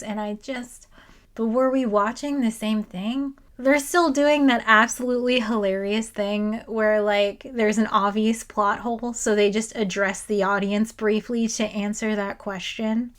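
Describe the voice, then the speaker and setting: A woman hosting a video essay, who talks with sarcastic exasperation and quotes others in mock voices. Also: fairly high pitch.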